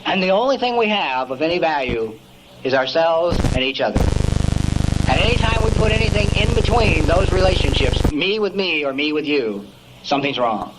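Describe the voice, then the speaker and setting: A man's voice: on the high side, lively intonation, moderate pace, heavy background noise. A man giving a folksy, emphatic storytelling talk at a recovery meeting, peppering it with "man" and "you know".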